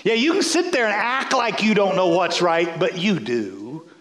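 A man's voice: sits high, big pitch swings, normal speed, a bit bright, reverberant. A man, a bishop, preaching a folksy sermon, repeating words as he builds.

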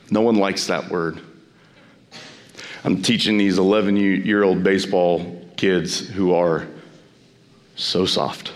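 A pastor preaching a sermon, emphatic and repeating phrases, his voice climbing high when he exhorts.

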